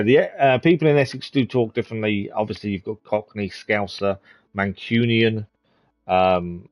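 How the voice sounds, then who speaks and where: A man from the East of England with a fairly low voice chats casually while playing a game on stream, with no echo in the recording. He thinks out loud as he goes, dropping plenty of ums.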